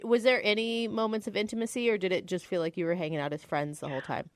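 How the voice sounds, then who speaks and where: A woman's voice: medium pitch, flat delivery, fast talker, dry recording. A woman co-hosting a radio show, asking blunt, teasing questions of a caller. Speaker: radio co-host. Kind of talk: morning radio banter.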